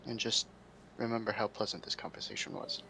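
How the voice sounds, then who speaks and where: A man's voice: lowish voice, fairly quick, gravelly, background noise. A man playing a hesitant, polite hulking adventurer. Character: large intimidating adventurer, politely gentle.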